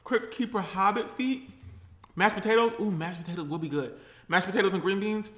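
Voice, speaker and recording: A man with a high, bright voice chats in a sassy, playful way. He talks casually to his viewers in an eating vlog. The room around him sounds echoey. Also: fairly quick. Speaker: vlogger.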